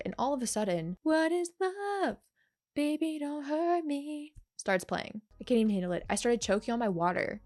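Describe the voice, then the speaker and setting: A woman casually reviewing a TV episode in a chatty, sarcastic way, with animated asides. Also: mid-range voice. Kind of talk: casual video commentary.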